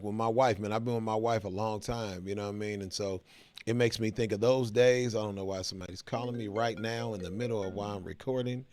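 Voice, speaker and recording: A middle-aged American man talks straight to his viewers in an easygoing, chatty way while hosting a reaction video. His voice sits a bit low, and the sound is dry and close with no room echo. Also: darkish tone. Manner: laid-back, chatty, addresses viewers directly. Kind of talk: casual reaction commentary.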